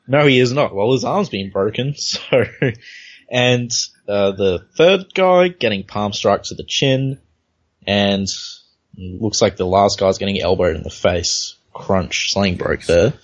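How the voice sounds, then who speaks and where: A man's voice: lowish voice, a little slow. A man hosting a casual comic book chat, easygoing, walking through the panels step by step. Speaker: podcast host. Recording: dull lo-fi recording.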